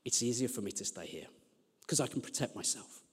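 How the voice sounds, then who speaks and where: A man's voice: mid-range voice, expressive, brisk, breathy edge, long reverb tail. A man from Birmingham, preaching a sermon in a chatty, self-deprecating storytelling manner, often restarting his sentences. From Birmingham, England.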